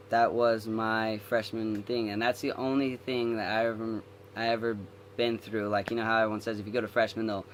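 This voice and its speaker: In a casual vlog, a young adult man tells a long story from his school days, rambling with lots of fillers and restarts. His voice is on the low side, with a little hiss or hum on the recording.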